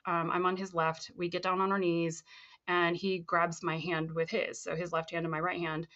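A young woman, a guest on a talk show, telling her story in a casual, animated way and acting out the voices of people she quotes. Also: on the low side, normal speed. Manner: animated, acts out quoted voices, laughs often. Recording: slightly dull lo-fi sound.

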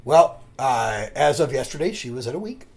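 A man's voice: mid-range voice, very animated, moderate pace, vocal fry, darkish tone. A man co-hosting a podcast, telling a rambling personal story in casual chat and swearing freely as he goes. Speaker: podcast co-host.

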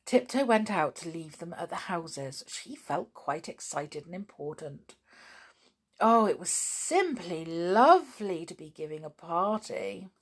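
A woman reading a children's storybook aloud in a gentle, expressive, unhurried way. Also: fairly low pitch, slightly rough.

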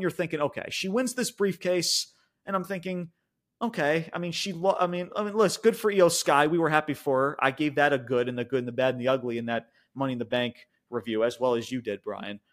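A man with a high, very animated voice rants as a podcast co-host in casual, profane chat. His talk is exasperated and full of "like," with plenty of restarts. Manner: frequent fillers and restarts like "like". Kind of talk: casual wrestling review chat.

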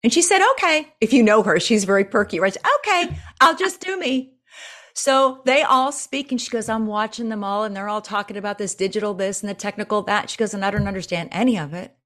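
A woman talks in a relaxed interview, voice at an ordinary middle pitch. She tells stories with energy, leaping up in pitch when she quotes people. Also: quick pace, hardly any pauses. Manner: animated storyteller, acts out quotes with big pitch jumps. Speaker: presentation coach, guest. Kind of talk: casual interview chat.

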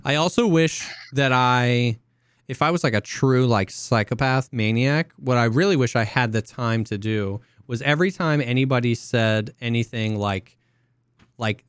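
A man co-hosting a casual podcast, talking in an animated, rambling way with many restarts and mock voices. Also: medium pitch, normal speed, clear, resonant tone, no echo, studio quality. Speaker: podcast co-host and streamer.

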